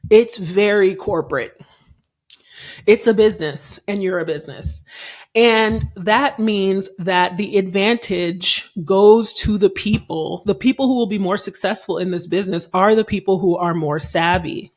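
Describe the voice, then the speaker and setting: A woman's voice: medium pitch, moderate pace. A woman in her thirties hosting a solo podcast, giving candid career advice in a chatty way with frequent fillers and restarts, recording while traveling. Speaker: podcast host and TV writer.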